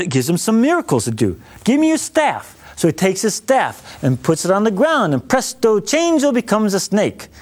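A man teaching on a Bible story, acting out the dialogue with humor and plenty of animation. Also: sits high. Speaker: preacher.

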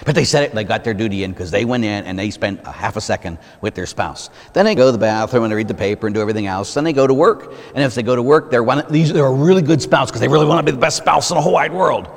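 A man's voice: medium pitch, rapid-fire, creaky, hardly any pauses. A Catholic priest, a man, preaching a conversational sermon full of rhetorical questions and acted-out examples. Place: church. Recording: long reverb of a church.

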